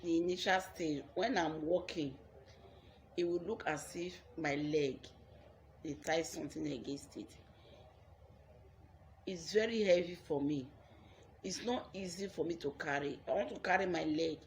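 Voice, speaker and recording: Low, slow-spoken Nigerian woman storyteller. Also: a little hiss or hum. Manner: earnest, repeats phrases for emphasis. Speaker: YouTuber telling her life story. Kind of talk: personal storytelling vlog.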